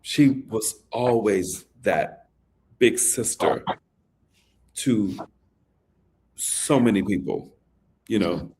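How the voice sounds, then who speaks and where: A man, a songwriter, telling a story in an interview with animated delivery. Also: fairly low pitch, very slow, long pauses. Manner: animated, recites lyrics softly. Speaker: songwriter guest.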